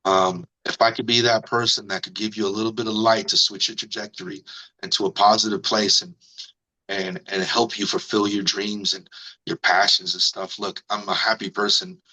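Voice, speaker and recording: A man, a radio personality, telling a story in an interview, animated and full of "you know" and "man" as he acts out what people said. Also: normal speed, rough recording. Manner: animated, acts out quotes in higher voice. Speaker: radio host and guest.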